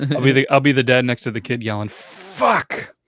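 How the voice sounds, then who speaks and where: A man's voice: medium pitch, steady tone, fast, a bit bright. A man co-hosting a podcast in casual chat, laid-back and laughing along. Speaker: podcast co-host.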